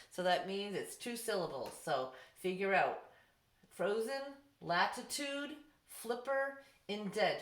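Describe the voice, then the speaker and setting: A middle-aged woman teaching a recorded class lesson from home, patient and sounding words out slowly for young pupils. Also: medium pitch, fairly bright tone. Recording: echoey room.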